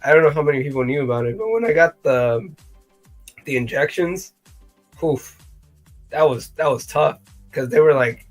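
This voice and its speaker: A man co-hosting a casual live-stream chat, animated and playful, often slipping into impressions. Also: medium pitch, moderate pace, pauses often, soft background music. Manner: animated, playful, jumps into voices. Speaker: co-host.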